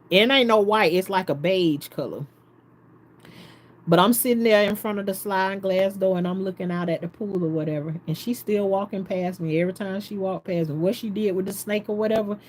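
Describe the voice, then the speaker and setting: Woman vlogger telling a wild story, laughing, mid pitch. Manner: animated storytelling, laughs often, quotes others. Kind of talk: casual storytelling.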